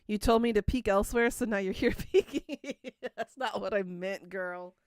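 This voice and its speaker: A woman's voice: mid-range voice, moderate pace, darkish tone, dry recording, clean studio sound. A woman in her thirties hosting a livestream, chatting casually and teasing her viewers as she answers them. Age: 30s. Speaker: livestream host. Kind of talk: casual chat with live viewers.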